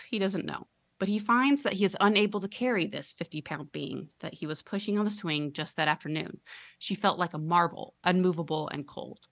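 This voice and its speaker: A woman's voice: lowish voice, creaky, a bit bright, dry recording. Woman host reading a spooky story. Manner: dramatic, drawn-out storytelling. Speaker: podcast host. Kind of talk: reading a listener's horror story aloud.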